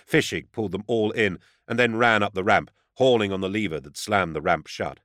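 Low-voiced man narrating an audiobook. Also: fairly quick, a bit bright, dry recording, clean studio sound. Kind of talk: first-person audiobook narration.

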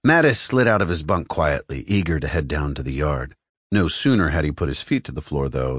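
A man reading an adventure novel aloud as the audiobook narrator, in an expressive storytelling manner. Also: low-pitched, dry recording, studio quality. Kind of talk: scripted narration.

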